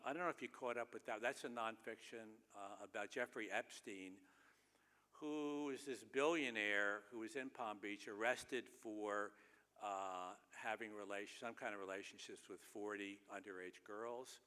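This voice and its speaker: Male keynote speaker, bright tone, dry humorous storyteller, recorded in a reverberant theater. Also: fairly low pitch, unhurried. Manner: wry, self-deprecating storytelling with chuckles. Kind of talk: humorous anecdotal speech. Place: large theater stage. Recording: long reverb of a large theater.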